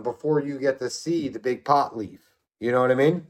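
Speaking at a moderate pace in a medium pitch, a middle-aged podcast co-host tells rambling, profane stories and shares opinions casually. He keeps asking "you know what I mean".

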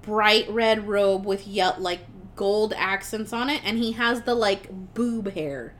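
A woman's voice: mid-range voice, slow pace, slight background noise. A young woman casually recapping a film on a podcast, rambling and swearing, quoting the characters as she goes. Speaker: podcast co-host.

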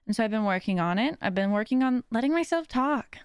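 A young woman with a fairly high voice chatting on her podcast in a loose, self-deprecating way, laughing often and slipping into the voices of people she quotes. The sound is dry and close, with no room around her. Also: lively intonation, quick pace, clean tone, no echo. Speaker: podcast host. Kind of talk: casual personal chat.

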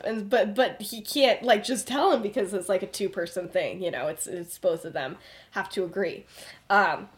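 A woman's voice: mid-range voice, normal speed. A young woman casually recapping her own fan story for friends, chatty and full of "like", laughing often. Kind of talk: casual chat.

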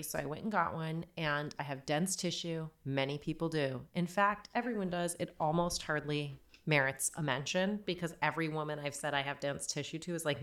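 A woman's voice: sits low, a little fast, hardly any pauses. Wry forty-year-old woman telling a story. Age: 40s. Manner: wry, self-deprecating storyteller. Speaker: podcast co-host. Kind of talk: casual storytelling chat.

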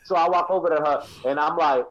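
Man, fairly high voice, casual chat, guest, animated storyteller. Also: fast, muffled recording. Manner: animated storyteller who acts out the people in his stories.

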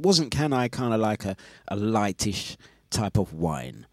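Chatty radio DJ, dry sound. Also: male voice, on the low side, sing-song, measured pace, no echo. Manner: chatty, reads out listener messages, laughs often. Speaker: radio DJ and host. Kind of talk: casual breakfast radio chat.

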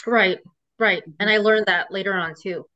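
Her voice is mid-range and sharp in tone, her intonation fairly even, her speed normal. She's an interview guest recounting her own story in an emotional, rambling way full of restarts, recorded in dull lo-fi sound.

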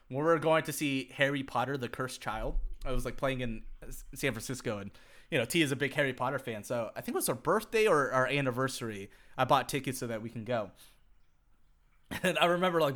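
A man's voice: medium pitch, quick pace, fairly bright tone. A young man co-hosting a podcast, chatting casually in a rambling way, swearing a lot, laughing often and saying "like" constantly. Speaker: podcast co-host. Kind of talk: casual chat.

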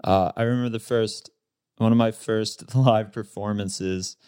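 A man in his thirties, a guest in a casual interview, telling stories in a relaxed way with lots of fillers and laughs. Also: fairly low pitch, measured pace, clean tone, no echo, clean studio sound. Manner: relaxed storyteller, laughs often, many fillers.

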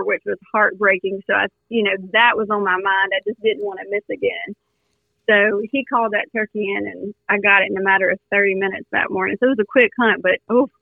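A woman from Louisiana, a guest telling her hunting story in an earnest, animated way with lots of fillers, heard over a phone line. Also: medium pitch, creaky, no room sound. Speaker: guest hunter. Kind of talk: storytelling in a podcast interview.

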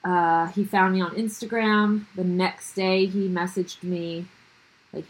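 A woman's voice: medium pitch, normal speed, rough recording. A young woman, telling a wild dating story on a podcast, acting out quotes and swearing freely. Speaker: guest storyteller.

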